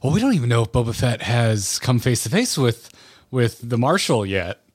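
A man co-hosting a podcast, chatting casually in a halting, hesitant way. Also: medium pitch, sing-song, no room sound, clean studio sound. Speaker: podcast co-host. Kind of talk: casual chat.

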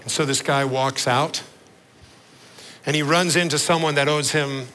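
Pastor, male, bright ringing voice, earnest sermon delivery that sinks low and slow for emphasis. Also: fairly even intonation, slight background noise, poor audio. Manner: earnest, slows and drops low on key words.

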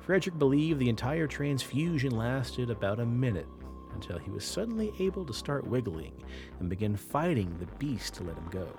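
A man hosts a paranormal podcast and tells a creature story with lively storytelling and casual asides. His voice sits in a mid pitch and swings up and down with the tale, and faint music plays beneath him. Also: fairly quick. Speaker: podcast host.

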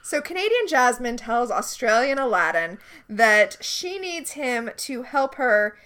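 A woman with a fairly high voice that jumps around a lot in pitch, talking in a relaxed podcast chat. She is quick and chatty, tossing in playful asides as she recaps a TV episode with her co-host.

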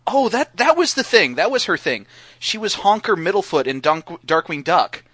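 A man's voice: high-pitched, very animated, moderate pace, fairly bright tone, breathy edge, no echo. Rambling man on a dry podcast mic. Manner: rambling, many fillers and restarts. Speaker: podcast guest co-host. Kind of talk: casual podcast chat.

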